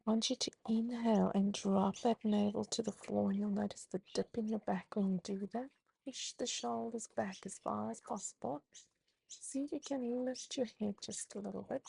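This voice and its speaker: An Australian woman teaching mindfulness, calmly guiding slow breathing and gentle movement. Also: medium pitch, creaky, breathy edge. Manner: calm, slow, gently instructive. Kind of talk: guided movement and breathing instruction.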